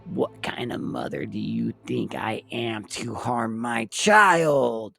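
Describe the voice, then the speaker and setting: A man voicing a defensive, controlling mother who snaps and yells at a visitor. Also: on the low side, fairly even intonation, takes it slowly, gravelly, faint music behind. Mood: angry. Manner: yelling, indignant.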